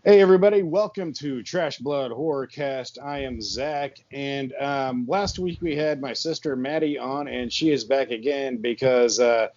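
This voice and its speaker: Male podcast host, laid-back and rambling, middle pitch, dull lo-fi home recording. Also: normal speed, hardly any pauses, darkish tone. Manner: rambling, laid-back, lots of fillers and laughs. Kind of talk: casual chat. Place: his barn with the door open and a fan on.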